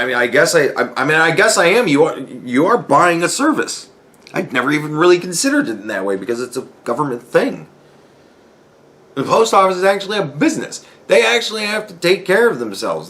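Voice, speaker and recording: A man's voice: mid-range voice, a bit bright. A man hosting a podcast, ranting casually in a profane, rambling way and laughing between points. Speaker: podcast host. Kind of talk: casual solo commentary rant.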